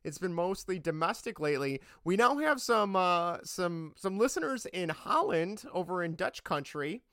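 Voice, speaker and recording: A young man hosting a casual sports podcast, chatty and rambling, quick to laugh. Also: high voice, very animated, pushed and bright, smooth, no echo, clean studio sound. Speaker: podcast host.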